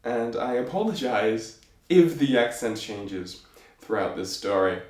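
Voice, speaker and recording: A man's voice: medium pitch, lively intonation, measured pace, a little mellow. A man telling a fairy tale in a casual, playful way, with chatty asides to the listener. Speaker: storyteller. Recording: echoey room.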